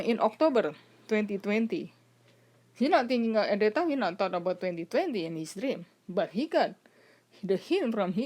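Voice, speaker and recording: A woman giving casual religious commentary as a vlogger, speaking haltingly with frequent "uh" and "okay?" check-ins. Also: mid-range voice, darkish tone. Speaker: vlogger commenting on prophecy videos.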